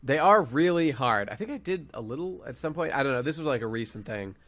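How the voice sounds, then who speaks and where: Dry teasing young man, lively pitch. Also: fairly quick. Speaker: podcast host. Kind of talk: casual chat.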